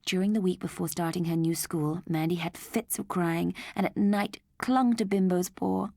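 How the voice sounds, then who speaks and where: A woman narrating an audiobook story in a measured, gentle way. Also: lowish voice, fairly even intonation, gravelly, no room sound, studio quality.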